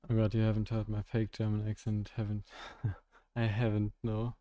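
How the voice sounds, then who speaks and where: A young man streaming while coding, chatting casually with his viewers and thinking aloud in a halting way with frequent laughs. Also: fairly low pitch, monotone, no room sound, muffled recording.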